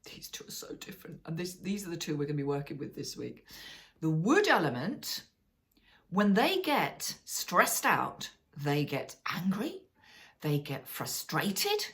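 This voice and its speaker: A middle-aged woman, teaching a wellness lesson in a chatty, animated way and often checking in with listeners. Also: sits low, measured pace. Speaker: wellness coach. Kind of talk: casual teaching talk.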